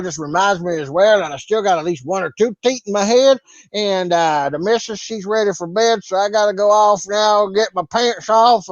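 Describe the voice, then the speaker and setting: A man's voice: high voice, no room sound, lo-fi sound, pitched above the performer's own voice, natural voice. A man putting on crude drawling hillbilly farmer Cletus.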